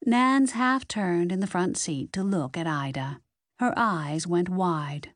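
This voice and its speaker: Brief: woman narrator, slow, very lively pitch, dry close studio sound. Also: no echo. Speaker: audiobook narrator. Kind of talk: scripted narration.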